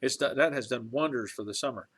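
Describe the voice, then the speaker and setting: Chatting on a live stream from his home garage workshop, this middle-aged male host talks fast in a mid-range voice with a fairly bright, slightly rough tone. His talk is folksy and rambling, full of chuckles and restarts.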